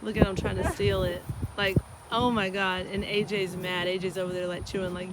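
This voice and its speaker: A woman's voice: medium pitch, little pitch movement, a little fast, very noisy. A woman from Texas telling stories in a casual, chatty vlog, talking to the animals around her. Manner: chatty, storytelling, talks to animals. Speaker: chiropractor vlogger. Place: outdoors on a ranch and in a car.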